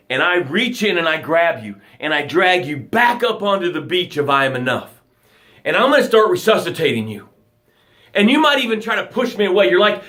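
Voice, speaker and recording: A male motivational coach speaking live to his viewers, with a voice that sits a little high for a man. He talks dramatically, pushing hard with rising emphasis and then sinking into quiet, hushed guidance. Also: big pitch swings, a little fast. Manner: dramatic, swings from loud urging to soft hushed guidance. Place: home livestream. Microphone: phone or webcam, live broadcast.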